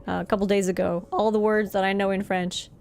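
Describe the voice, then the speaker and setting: A woman's voice: mid-range voice, level tone, a little fast, creaky, a little mellow, a little hiss or hum. A woman from Norway, chatting casually and giggling often while live-streaming a game.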